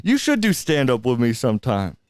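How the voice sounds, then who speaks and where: A man's voice: medium pitch, huge pitch swings, a little fast, a little hiss or hum. A man in his twenties, a stand-up comic hosting a podcast, chatting casually and laughing often. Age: 20s. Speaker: podcast host and stand-up comedian. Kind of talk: casual interview chat.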